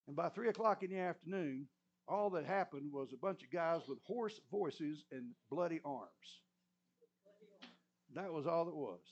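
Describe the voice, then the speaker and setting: Brief: high-pitched male preacher, animated storytelling sermon, muffled lo-fi recording. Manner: storytelling, animated, clears throat often.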